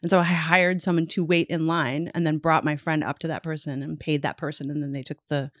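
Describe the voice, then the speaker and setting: A woman's voice: low voice, level tone, a little fast, no echo. A woman co-hosting a podcast in casual chat, candid and chatty, swearing freely and laughing often, recorded in a studio. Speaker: podcast co-host.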